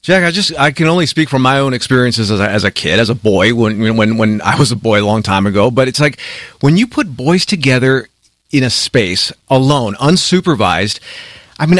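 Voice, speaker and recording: A man interviewing a writer, earnest and halting, sharing his own stories as he asks. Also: medium pitch, fairly bright tone, no room sound. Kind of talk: interview questions and chat.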